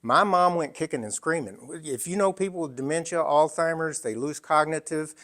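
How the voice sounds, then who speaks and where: A man in his sixties giving an emphatic storytelling talk, full of dramatic pauses. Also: on the high side, a bit bright. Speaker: speaker.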